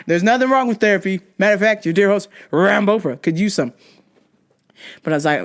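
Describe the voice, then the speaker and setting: A woman hosting a comedy podcast, swearing freely and laughing often as she tells stories. Her pitch jumps around a lot while she acts out both sides of each exchange. Her tone stays casual and animated. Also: normal speed. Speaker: podcast host.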